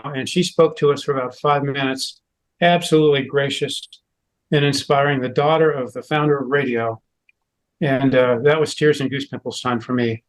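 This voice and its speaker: A man of middle pitch presents a slide show to a club audience with real enthusiasm. His talk runs loose and conversational and is peppered with "uh" fillers. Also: low-quality recording. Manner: enthusiastic storyteller with frequent "uh" fillers.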